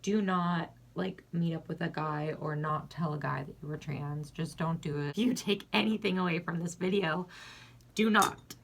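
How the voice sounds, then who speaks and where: A woman's voice: low voice, moderate pace, gravelly, hardly any pauses, slight background noise. A young woman telling a frank, casual storytime vlog, talking bluntly and filling her sentences with "like". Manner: chatty, filler-heavy with constant "like". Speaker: vlogger. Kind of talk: casual get-ready-with-me storytime.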